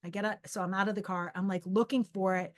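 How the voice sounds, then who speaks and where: A middle-aged woman telling a story casually on her own podcast. She talks in a loose, animated ramble, restarts her sentences and acts out what she was thinking. Her pitch sits in the ordinary middle range for a woman. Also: quick pace. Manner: animated, rambling, with many restarts and acted-out inner voices. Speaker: podcast host and psychic medium.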